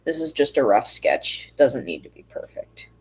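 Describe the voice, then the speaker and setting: A woman's voice: a bass voice, expressive, normal speed, darkish tone, breathy edge, rough recording. A woman from the United States chatting casually on a livestream while she draws, rambling and poking fun at herself. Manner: chatty, rambling, self-mocking. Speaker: streamer.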